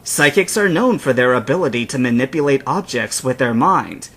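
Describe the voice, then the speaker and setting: A man voicing smug, mocking twin gym leaders with psychic powers, speaking in a measured way. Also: medium pitch, animated, fairly bright tone, slightly rough.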